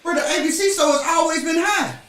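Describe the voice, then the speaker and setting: A man's voice: extremely high pitch, quick pace. A man co-hosting a casual podcast chat, laid-back, calling everyone "bro" as he tells stories. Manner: laid-back, says "bro" a lot, animated storytelling. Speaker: podcast co-host. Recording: echoey room, mic at a distance, faint noise.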